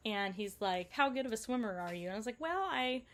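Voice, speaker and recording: Woman, travel vlogger, casual storytelling, chatty, animated, mid pitch. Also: fast. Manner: chatty, animated retelling with quoted dialogue and laughs.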